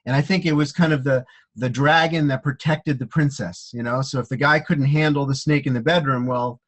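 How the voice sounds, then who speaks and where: A man hosting a casual chat, talking in a reflective, halting way with many restarts. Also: mid-range voice, fairly even intonation. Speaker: host.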